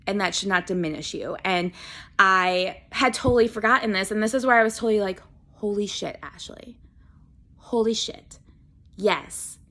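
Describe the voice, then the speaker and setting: A woman's voice: on the high side, a bit bright. A woman in her twenties talking earnestly and a little teary-eyed in a casual self-love vlog, gushing and talking to herself as if in a mirror. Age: 20s. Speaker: vlogger.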